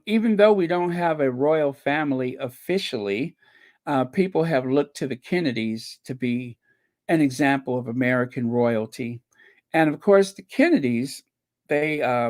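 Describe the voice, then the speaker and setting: A man's voice: mid-range voice, moderate pace. A man hosting a casual commentary stream, chatting loosely with many fillers and restarts. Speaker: channel host. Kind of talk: casual commentary to a live chat.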